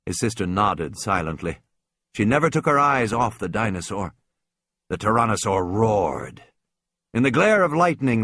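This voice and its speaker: Man narrating with lively, tense expression. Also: mid-range voice, no echo, clean studio sound. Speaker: audiobook narrator. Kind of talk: dramatic audiobook narration.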